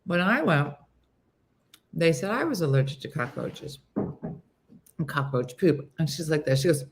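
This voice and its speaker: A woman in her fifties hosting a casual morning show, telling a story with animated delivery and acting out her friends' voices. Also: low voice, a little slow, pauses often. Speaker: host.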